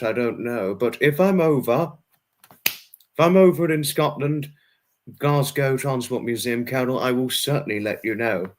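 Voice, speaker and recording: Hosting a livestream, a man whose voice sits in the middle range reads out his chat and responds to each viewer in turn. He comes across as friendly yet repetitive, frequently saying um and restarting his sentences.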